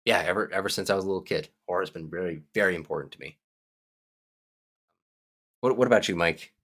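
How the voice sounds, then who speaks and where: A man hosting a podcast in casual chat, quick to chime in and joke. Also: low-pitched, fairly bright tone. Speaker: podcast host.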